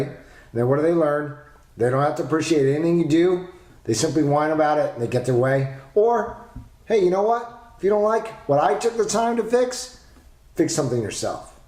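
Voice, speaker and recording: A man hosting a solo parenting podcast, talking emphatically and asking rhetorical questions with lively delivery. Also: fairly high pitch. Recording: roomy echo.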